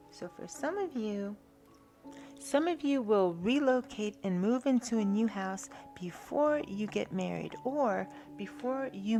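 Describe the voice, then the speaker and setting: A woman giving a spiritual tarot reading in a soft, earnest way, now and then dropping to a hushed whisper. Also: medium pitch. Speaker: tarot reader.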